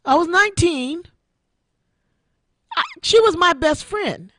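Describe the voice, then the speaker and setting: Emotional woman in her sixties, slow. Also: extremely high pitch, lively intonation, a bit bright, no echo. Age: 60s. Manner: emotional, repeats phrases like a preacher. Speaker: internet radio show host. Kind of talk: heartfelt personal testimony.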